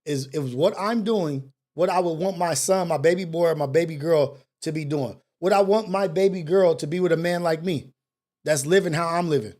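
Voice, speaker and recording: Preachy high-voiced man host. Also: normal speed, darkish tone. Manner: preachy, repeats questions, street slang. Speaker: talk show host. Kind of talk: impassioned monologue.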